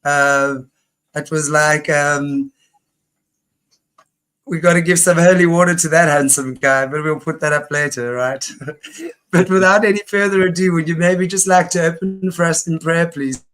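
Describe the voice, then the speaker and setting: A woman's voice: low-pitched, steady tone, unhurried, fairly bright tone. A woman hosting an online talk show, rambling and enthusiastic with many restarts. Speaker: host. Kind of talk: casual online show chat.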